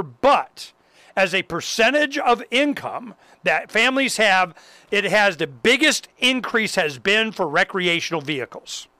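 A man hosting a casual talk show, ranting in an animated, profane way. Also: sits high, clean tone, no echo. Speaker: host. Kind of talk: casual chat.

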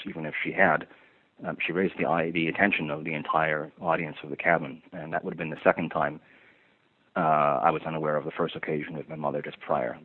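A man's voice: very deep voice, slightly rough. A man giving a long personal account of an incident, in formal wordy phrasing with frequent ums and restarts. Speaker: passenger recounting an incident. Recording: tinny lo-fi phone-like recording.

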